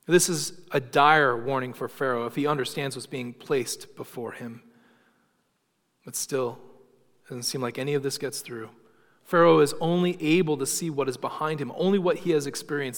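A man preaching a sermon, telling stories and slowing down for emphasis. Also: a little high. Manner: storytelling, emphatic with slowed dramatic phrases. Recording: long hall reverb.

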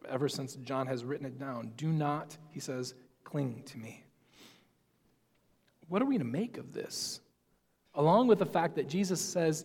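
A pastor giving a sermon, explaining a Bible passage in a conversational, musing way. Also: male voice, fairly high pitch, a little mellow, long reverb tail.

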